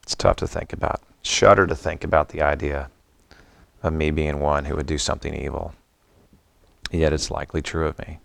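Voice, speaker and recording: A middle-aged man delivers a sermon in a reflective, conversational manner. His voice sits very low and has a gravelly, fry-laden edge, and he moves between scripture and personal stories. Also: level tone, normal speed. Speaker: pastor.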